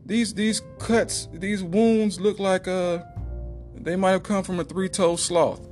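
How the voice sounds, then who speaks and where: A man voicing a fussy older gentleman who explains wounds point by point in a pedantic way. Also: high-pitched, steady tone, slow pace, faint music behind, voice pushed up. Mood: lecturing.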